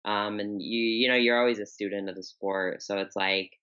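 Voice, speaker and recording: A woman's voice: extremely low pitch, steady tone, normal speed, a bit bright, clear, resonant tone, lo-fi sound. A young woman in her twenties with a Chicago accent, chatting casually as a podcast guest and filling her talk with "like". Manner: chatty, many "like" fillers and repeats. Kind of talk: casual interview chat.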